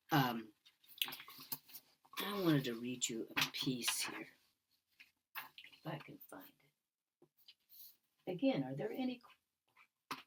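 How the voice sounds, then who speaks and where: A woman's voice: sits low, background noise. An older woman giving a musing conference talk on sound healing, repeating phrases and sometimes dropping to a whisper. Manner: musing, repetitive, drops into whispers.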